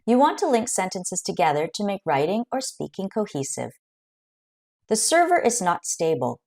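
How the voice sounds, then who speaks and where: Woman explaining grammar in a lively voice. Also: medium pitch. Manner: clear, measured explaining with example sentences. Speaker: English teacher. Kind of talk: scripted grammar lesson.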